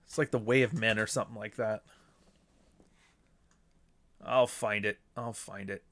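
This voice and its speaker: A man's voice: lowish voice, steady tone, measured pace, a bit bright. A man hosting a podcast alone, rambling casually and swearing, with mocking asides. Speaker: podcast host. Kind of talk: casual solo monologue.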